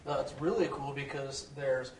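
A man's voice: mid-range voice, normal speed, darkish tone. A man chiming in during a casual chat, eager and self-deprecating. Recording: roomy, distant from the mic, faint noise.

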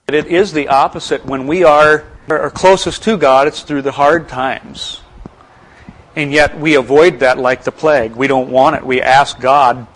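A man's voice: mid-range voice, steady tone, a little slow, fairly bright tone, slight background noise. A man with an American accent in ministry, giving an earnest, reflective Bible talk with frequent restarts and asides. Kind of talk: conversational Bible teaching.

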